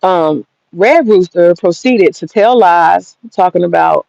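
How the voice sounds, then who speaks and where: A woman's voice: on the low side, measured pace, vocal fry, few pauses, darkish tone, dry recording. A blunt, foul-mouthed woman rambles through a casual rant in her garden and talks straight to her viewers. Her voice sounds dry and close, with no room around it. The recording is dull and lo-fi. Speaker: vlogger giving commentary. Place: outdoor garden.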